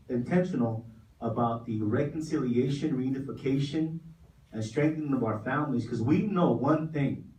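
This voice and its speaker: A man's voice: mid-range voice, a little mellow, slight background noise. A middle-aged man giving an impassioned speech at a community forum, with a preacher-like cadence and lots of repetition. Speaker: community nonprofit leader. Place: large hall at a forum. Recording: echoey room, mic from a distance.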